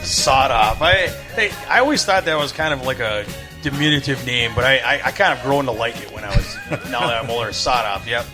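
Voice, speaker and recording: A man's voice: mid-range voice, a little fast, music in the background. A man, a podcast co-host, joking in self-deprecating, casual chat.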